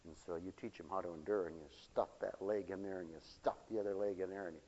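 A man preaching a sermon in a folksy storytelling way, dropping to low mutters and rising to loud high exclamations. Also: fairly even intonation, fast. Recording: dull lo-fi broadcast with long hall reverb.

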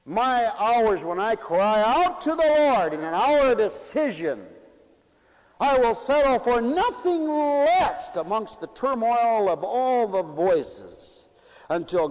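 A male preacher delivering an impassioned sermon, swinging between shouted appeals and quiet asides. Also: high voice. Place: church. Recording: dull recording in a reverberant church.

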